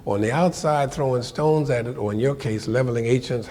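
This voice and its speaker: An older man telling a story from his life to a live audience, animated and colloquial, acting out the voices of the people in it. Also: mid-range voice, a little fast, big-room sound. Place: lecture hall before an audience.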